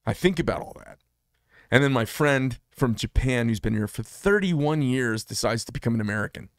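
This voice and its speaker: A man in his fifties hosts a solo commentary show in a middle-pitched voice. He talks with passion and emphasis and often repeats himself to drive a point home. The recording is dry and close, with no room sound. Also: lively intonation, normal speed, dry recording. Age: 50s. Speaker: podcast host.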